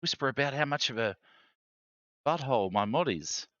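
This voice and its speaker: A man's voice: medium pitch, lively intonation, normal speed, a bit bright, no echo, muffled recording. A man streaming live, chatty and self-mocking, thinking aloud while he fiddles with his gear.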